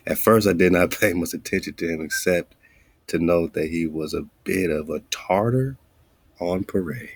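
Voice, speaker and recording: A deep, husky male radio host talks at an unhurried, slow pace, thinking aloud as he searches for words. He mutters and whispers to himself between lines and stretches out his readings of quoted passages. The recording is dry and close. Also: no echo. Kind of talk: casual research talk, looking up words live.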